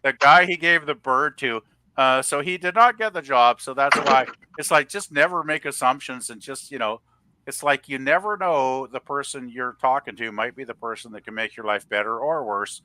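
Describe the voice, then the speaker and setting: A man's voice: mid-range voice, moderate pace, bright, forceful tone, a little hiss or hum. A man chatting on a livestream, telling stories in a rambling, chatty way. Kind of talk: casual storytelling chat.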